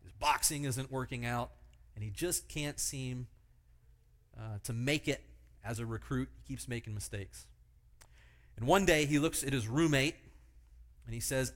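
A man delivering a sermon at a middle pitch, painting vivid pictures for his listeners. He tells illustrative stories and keeps asking rhetorical questions to draw them in. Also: measured pace, pauses often, fairly bright tone. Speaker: preacher.

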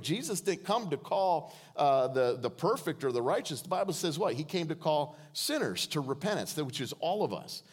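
Male guest preacher, light-pitched, playful, church sermon with call-and-response. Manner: joking, calls on the congregation to respond.

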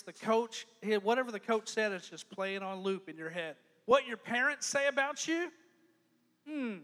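A man preaching a lively youth sermon as pastor, joking and acting out quoted lines in changing voices. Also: high-pitched, moderate pace, big-room sound.

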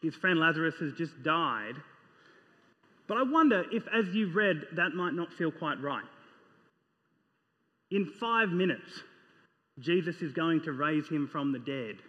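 A man's voice: fairly high pitch, lively intonation, measured pace, long pauses, sharp tone. A man preaching a sermon, reading scripture aloud and putting questions to his listeners in an earnest way. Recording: dull sound with long reverb in a hall.

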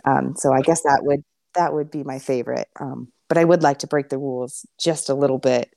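Deep-voiced woman chatting about a movie. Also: fairly even intonation, fairly quick, gravelly, dark tone, no room sound, studio quality. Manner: chatty, uses many fillers. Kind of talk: casual movie discussion.

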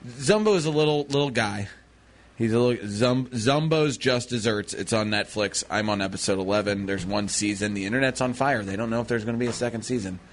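A man's voice: on the low side, a little fast, slight background noise. A man co-hosting a radio show in casual banter, rambling and playful, sometimes slipping into silly voices. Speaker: radio co-host.

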